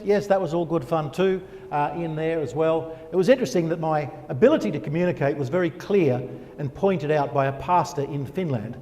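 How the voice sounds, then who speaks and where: An older man giving a personal testimony as a guest speaker, animated and asking himself rhetorical questions. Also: a little high. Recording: long reverb of a church hall.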